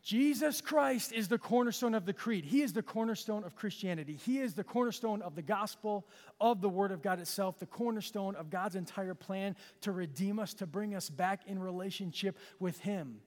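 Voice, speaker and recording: A male pastor preaching a sermon to his church, with emphatic repetition, dramatic pauses and self-deprecating asides. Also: sits high, darkish tone. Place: church sanctuary with long reverb. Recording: reverberant church hall.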